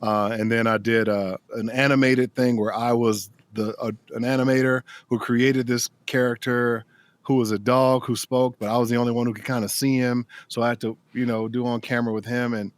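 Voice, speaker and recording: Middle-aged male guest, animated raconteur, mid pitch, dead-dry recording. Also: brisk, dry recording. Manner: animated storyteller who acts out quotes. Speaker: guest voice actor. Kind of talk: casual interview chat.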